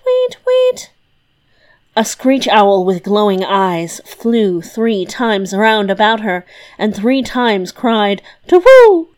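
A woman narrating a fairy tale as a storyteller in a measured, deliberate reading. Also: on the high side, darkish tone.

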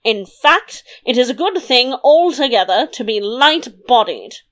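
A woman voicing a grumpy, pompous king who blusters and bickers, in a slightly lower version of her own voice. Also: lively intonation, measured pace. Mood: grumbling, bickering. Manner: gruff, blustering. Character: grumpy, pompous middle-aged king who hates puns.

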